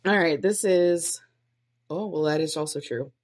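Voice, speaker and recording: A woman's voice: low-pitched, unhurried. A young woman in her twenties testing podcast intros alone, thinking aloud and trying out upbeat greetings between comments. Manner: tries out upbeat intro lines, then comments on them. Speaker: aspiring podcast host. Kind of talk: solo test recording, thinking aloud.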